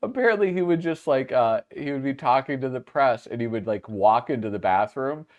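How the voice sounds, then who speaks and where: A man's voice: mid-range voice, lively intonation, a little fast, lo-fi sound. A man with a Minnesota accent, hosting a podcast in casual, laughing banter. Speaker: podcast host. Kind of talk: casual chat.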